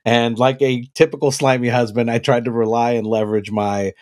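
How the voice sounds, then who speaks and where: A man's voice: medium pitch, a little fast. A married man on a podcast, chatting casually, telling a story with lots of swearing and breaking into laughter. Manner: animated storytelling, laughs often, swears freely. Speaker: podcast co-host. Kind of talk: casual chat.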